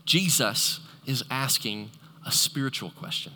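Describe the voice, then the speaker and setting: A male pastor preaching a sermon in a church, animated and conversational, joking with the congregation. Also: on the high side, moderate pace, a little hiss or hum. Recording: long echoey hall reverb.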